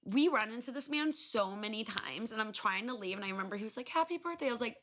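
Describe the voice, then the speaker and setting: A young adult woman hosting a podcast, telling stories in a loose, animated way, swearing freely and filling pauses with ums and likes. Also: fairly high pitch, background noise. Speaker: podcast host. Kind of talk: casual solo storytelling.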